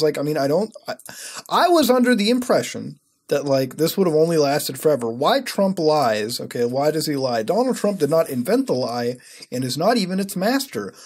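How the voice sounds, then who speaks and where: Husky-voiced young man ranting sarcastically. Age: 20s. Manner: profane, sarcastic ranting with sudden high-pitched outbursts. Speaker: web-browsing commentator. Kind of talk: casual screen-recording commentary.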